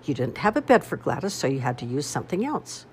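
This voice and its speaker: A woman's voice: low-pitched, sing-song, fast talker, slight background noise. A woman voicing a patient mother who reads and explains to children in a storybook reading. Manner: patient, explaining, a little weary.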